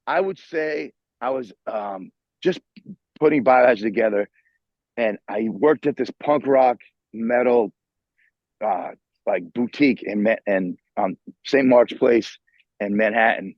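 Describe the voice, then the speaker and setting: A middle-aged New man tells a swearing, restart-filled story over a video call. His husky voice sits at an ordinary pitch, and the line sounds dull and dry. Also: measured pace, no room sound. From New York. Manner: profane, animated storyteller with many restarts. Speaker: guitarist guest. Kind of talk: casual interview storytelling. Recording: muffled video call audio.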